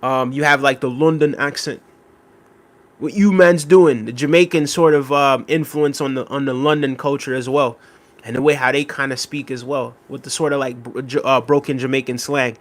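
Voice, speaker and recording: A young man hosts a live stream in a loose, rambling way, thinking aloud as he answers viewer comments. He talks in an easy conversational manner with plenty of fillers, and his voice sits at an ordinary middle pitch. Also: flat delivery, brisk, a bit bright. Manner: rambling and conversational, many fillers, reacting to chat. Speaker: livestream host.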